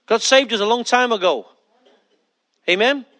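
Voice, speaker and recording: A male pastor delivers a sermon in a high voice. He is emphatic, drives his points home by repeating them, and keeps asking the congregation questions. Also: moderate pace, pushed and bright.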